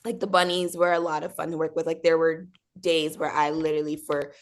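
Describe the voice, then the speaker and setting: Young woman, casual interview, bubbly and chatty, slightly low voice. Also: little pitch movement, brisk. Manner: bubbly, chatty, full of fillers and acted-out quotes. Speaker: actor being interviewed.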